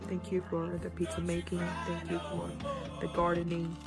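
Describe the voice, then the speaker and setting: A woman's voice: fairly low pitch, completely flat delivery, moderate pace, music in the background. A woman, speaking earnestly and emotionally to her viewers in a casual video. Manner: earnest, soft-spoken, thankful. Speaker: social media creator. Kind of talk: emotional casual talk to camera.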